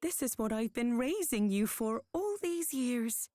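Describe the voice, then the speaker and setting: A woman's voice: on the high side, lively intonation, unhurried, mellow, no echo. Chirpy, doting game mother. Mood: fond. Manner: sing-song, fussing and affectionate. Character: cheerful doting mother waking her teenage son. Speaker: game character voice. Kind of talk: video game voice acting.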